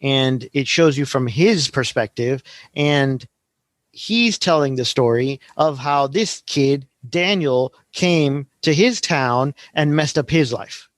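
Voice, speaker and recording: A man's voice: mid-range voice, takes it slowly, dry recording. A man in his forties hosting a podcast, talking casually and rambling through a story, often adding "right?". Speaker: podcast host. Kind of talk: casual teaching talk.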